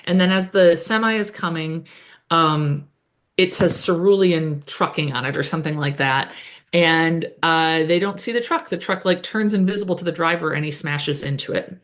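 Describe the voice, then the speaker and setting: A woman's voice: low-pitched, normal speed, fairly bright tone. A woman co-hosting a podcast, recapping an episode in casual chat with lots of "like" and "um". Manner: chatty, many "like" and "um" fillers.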